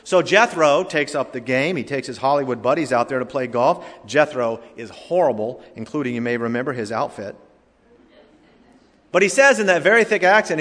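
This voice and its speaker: Emphatic preacher with a hall echo. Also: male voice, mid-range voice, lively intonation, moderate pace, fairly bright tone. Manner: emphatic, repetitive, addresses congregation directly. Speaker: pastor. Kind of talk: sermon. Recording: reverberant hall.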